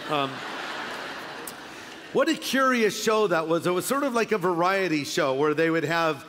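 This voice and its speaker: A middle-aged male pastor delivers a sermon in a high, light voice, spinning humorous stories and slipping into quick impressions. His voice carries a long reverb from a large church hall. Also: fairly bright tone.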